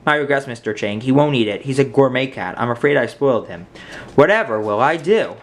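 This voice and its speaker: A man's voice: mid-range voice, animated, brisk, natural voice. A man reading aloud voices a fussy neighbor who frets over his spoiled cat and laments. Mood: fretful. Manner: fretful, lamenting.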